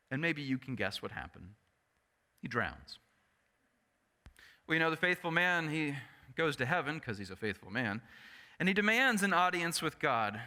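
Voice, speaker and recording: A male pastor preaching a sermon in an animated storytelling manner, often turning to the congregation with asides. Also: mid-range voice. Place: church sanctuary. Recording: echoey church sanctuary.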